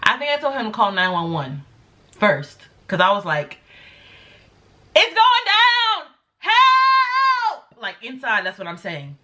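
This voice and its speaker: A young woman vlogger telling a story casually, acting out quotes with big jumps in her voice. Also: normal speed. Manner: animated, acts out quotes with big pitch jumps.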